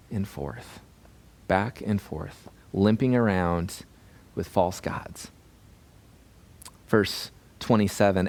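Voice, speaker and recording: A man preaching a sermon as pastor, reading scripture and acting out the voices in the story with lively energy. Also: medium pitch. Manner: animated, acts out voices in retelling.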